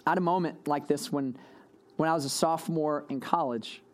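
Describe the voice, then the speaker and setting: A man's voice: on the high side, fairly quick. A young adult man preaching a sermon in a casual, storytelling way. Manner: storytelling, acts out dialogue. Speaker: pastor.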